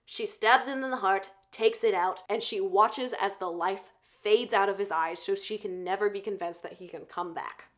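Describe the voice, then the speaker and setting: A woman reviewing books, recapping a novel's plot casually with animated, joking asides. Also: medium pitch, moderate pace, few pauses. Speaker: book reviewer. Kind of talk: casual book plot summary.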